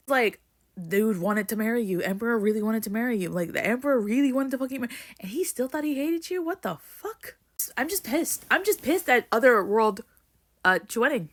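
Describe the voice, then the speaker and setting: A woman's voice: fairly high pitch, lively intonation, a little fast. A young woman ranting emotionally about a book in a casual vlog, swearing and rambling with lots of "like". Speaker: book vlogger.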